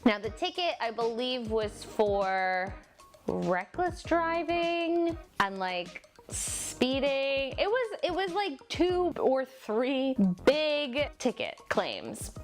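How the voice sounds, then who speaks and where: A young woman with a New Jersey accent chats into her camera in a casual storytime vlog. She tells the story in an animated, self-mocking way, with playful exaggeration. Faint music plays underneath. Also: high-pitched, drawn-out words. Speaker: vlogger.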